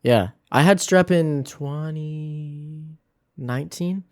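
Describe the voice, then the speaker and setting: A man's voice: on the high side, slow, a little mellow, no room sound, clean studio sound. Laid-back man, slangy podcast banter. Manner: laid-back, slangy, reacting with short interjections. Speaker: podcast co-host. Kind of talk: casual chat. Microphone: podcast mic.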